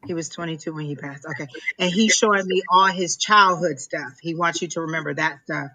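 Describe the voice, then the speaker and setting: Woman tarot reader on a live stream, bright voice, keeps stopping and repeating herself. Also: low-pitched. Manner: emotional, halting, repeats herself. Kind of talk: live psychic reading.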